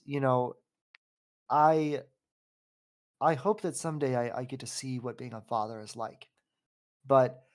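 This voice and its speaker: A man in his twenties hosting a podcast, telling a personal story in a rambling, heartfelt way. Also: mid-range voice. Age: 20s. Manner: rambling and heartfelt, with frequent fillers and restarts. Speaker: podcast host. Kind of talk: casual conversational storytelling.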